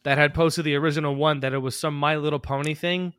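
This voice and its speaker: Man, podcast co-host, casual chat, profane, rambling, bright tone, dry sound. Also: a little high, steady tone, fast talker, smooth, no echo. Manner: profane, rambling, laughs often.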